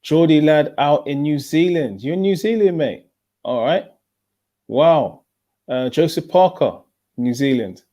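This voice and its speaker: A man from North hosts a boxing watchalong in a loose, chatty way. His voice is mellow and dark, and he often says the same thing twice while reading out viewer messages. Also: fairly high pitch, lively intonation, a little slow. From North London. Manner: repeats himself, laid-back. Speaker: watchalong host. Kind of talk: casual chat reading viewer comments.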